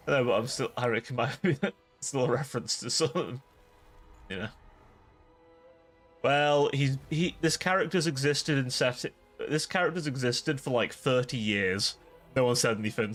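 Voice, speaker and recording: A young man streams a strategy game live and rambles jokily to his chat. His voice sits at a plain mid pitch with an easy, casual delivery. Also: a bit bright. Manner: rambling, jokey, talks to chat.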